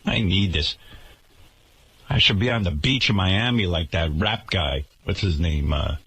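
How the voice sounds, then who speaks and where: Husky-voiced man ranting on radio. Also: low voice, a little slow, a bit bright. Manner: indignant, sarcastic ranting. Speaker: radio show host. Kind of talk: radio talk show rant.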